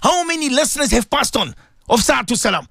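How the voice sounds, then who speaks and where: A man's voice: extremely high pitch, big pitch swings, brisk, gravelly, no echo. Dry-voiced, emphatic radio preacher man. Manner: emphatic and repetitive, with refrains and sudden swings between loud and soft. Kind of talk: radio sermon addressed to listeners.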